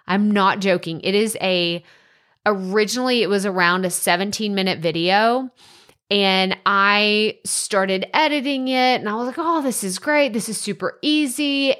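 A woman's voice: medium pitch, fairly bright tone. Woman podcast host, chatty casual advice delivery, loose with filler words.

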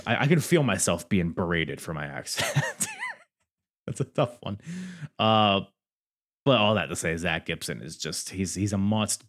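A man hosting a podcast, chatting casually and enthusiastically as he reviews old wrestling matches, often laughing. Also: fairly low pitch. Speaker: podcast host.

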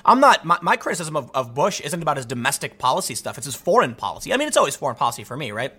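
Bright-voiced emphatic male commentator. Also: fairly high pitch, sing-song, racing, breathy edge. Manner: emphatic, repeats words when building a point. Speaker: political commentator. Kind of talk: opinionated monologue.

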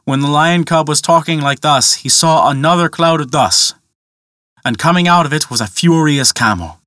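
A man narrating a folktale in a steady, measured storytelling manner. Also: a little high, no room sound, studio quality.

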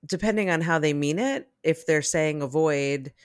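A woman's voice: sits low, moderate pace, no room sound, clean studio sound. A woman co-hosting a casual talk show, reflective and chatty, reading out listener comments. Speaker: podcast co-host. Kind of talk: casual chat.

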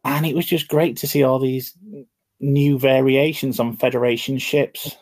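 A man's voice: mid-range voice, flat delivery, normal speed. A man on a podcast, easygoing and a bit defensive as he explains his choice. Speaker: podcast co-host. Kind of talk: casual podcast chat.

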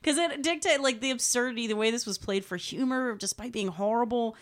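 A woman's voice: fairly high pitch, a little fast. Enthusiastic woman in a movie chat. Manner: enthusiastic, laughing storyteller. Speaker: podcast co-host.

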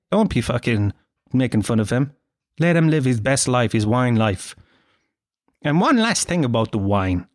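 A man's voice: mid-range voice, dry recording, studio quality. A man in his thirties with an Irish accent, hosting a podcast in a rambling, sweary, self-mocking comic monologue. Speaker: podcast host.

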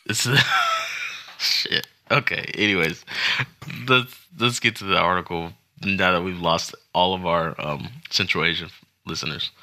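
A low-pitched man with a very bright, forceful tone co-hosts a casual crypto news show. He rambles through headlines with jokey asides and nervous disclaimers. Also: fairly even intonation, a little slow. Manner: joking, rambling, self-conscious asides. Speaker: podcast co-host.

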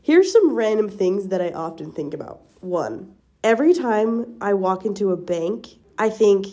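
Young woman, podcast co-host, mellow and rambling, self-deprecating. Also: mid-range voice, expressive, moderate pace. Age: young adult. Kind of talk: casual chat.

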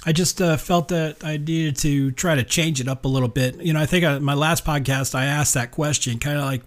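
A man's voice: on the high side, steady tone, normal speed. A man hosting his own podcast in a casual, rambling solo monologue, chatting along and laughing at himself. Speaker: podcast host.

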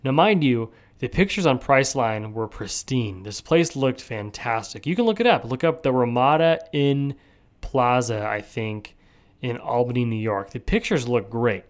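A man's voice: mid-range voice, normal speed. Rambling young man hosting a podcast. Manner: rambling, animated, self-interrupting. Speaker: podcast host. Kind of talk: casual solo podcast storytelling.

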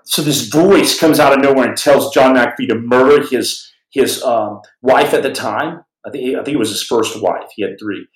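A man with a drawl spins a story for his podcast listeners, dropping his voice for quoted speakers and breaking off to address his audience. His voice sits in an ordinary middle pitch. The recording carries a noticeable echo from the room. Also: normal speed, hardly any pauses. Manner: dramatic, shifting voice for quoted people, frequent restarts and asides to listeners. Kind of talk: animated spoken storytelling.

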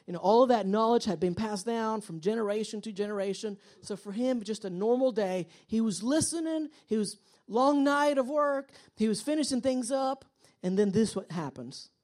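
A woman delivers a sermon in a fairly high voice. She talks to the congregation directly and acts out the people in her stories with plenty of energy. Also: moderate pace. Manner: animated storytelling, acts out quoted voices. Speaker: pastor. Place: church.

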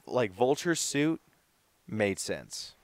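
A man's voice: medium pitch, big pitch swings, slow pace, dry recording. A man co-hosting a podcast in casual chat, laid-back and loose, full of filler words. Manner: laid-back, lots of "like" and "dude". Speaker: podcast co-host.

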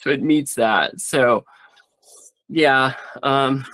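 A man's voice: mid-range voice, drawn-out words, bright, forceful tone. A man who does stand-up comedy talking in a rambling, candid way, swearing freely in a casual interview.

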